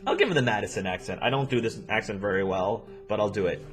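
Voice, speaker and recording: A man hosting a let's play, reading a visual novel aloud with rambling, animated asides. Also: lowish voice, fast, hardly any pauses, faint music behind.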